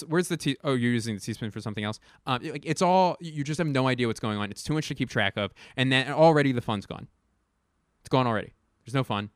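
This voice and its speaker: A man's voice: mid-range voice, no echo. Profane rambling comic man, dry close sound. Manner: profane, rambling, self-deprecating, with frequent restarts and sudden loud bursts. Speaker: comedian. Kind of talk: stand-up style comic monologue.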